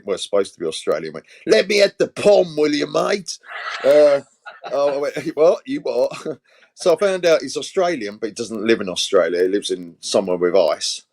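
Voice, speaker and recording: A man's voice: mid-range voice, darkish tone. A man hosting a casual livestream panel, chatty, swearing freely and laughing at his own stories. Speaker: livestream host.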